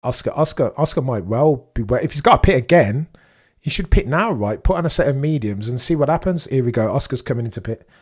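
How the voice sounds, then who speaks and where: Man, young adult, livestream host, excitable, chatty, mid pitch. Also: quick pace. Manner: excitable, chatty, British slang, talks to chat. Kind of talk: live race watchalong commentary.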